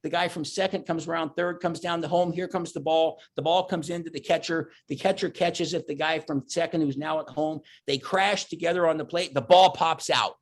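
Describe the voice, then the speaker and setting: A middle-aged man giving a motivational keynote, telling personal stories earnestly and growing animated at the high points. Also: brisk, few pauses. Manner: earnest storytelling, animated when reliving moments. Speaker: keynote speaker.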